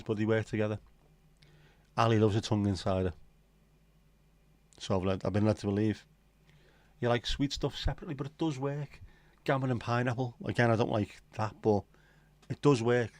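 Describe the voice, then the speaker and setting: A man's voice: fairly low pitch, fairly quick, a little mellow, dry recording. A man hosting a casual livestream, rambling and joking with viewers and swearing casually. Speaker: livestream host. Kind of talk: casual chat reading viewer comments.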